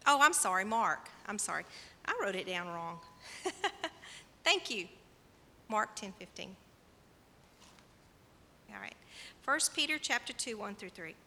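Bright-voiced woman preaching in a hall. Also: medium pitch, lively intonation, slow, pauses often, slight background noise. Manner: conversational, asks the congregation questions. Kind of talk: sermon. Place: church sanctuary.

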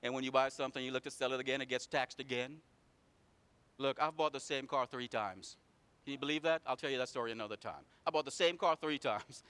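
A man preaching a sermon, swinging from loud emphatic runs to low quiet asides in a repetitive preaching cadence. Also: brisk, clear, resonant tone.

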